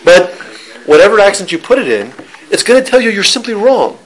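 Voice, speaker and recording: Guy giving a relaxed torah class, kinda high voice, chatty, lots of restarts. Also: brisk, slightly rough, poor audio. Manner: conversational, restarts, jokes with listeners. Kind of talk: informal Torah lesson.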